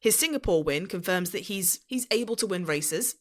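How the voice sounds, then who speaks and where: A woman's voice: mid-range voice, lively intonation, normal speed. A woman co-hosting a casual podcast, reading out news points and teasing her co-hosts with blunt swearing. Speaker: podcast co-host.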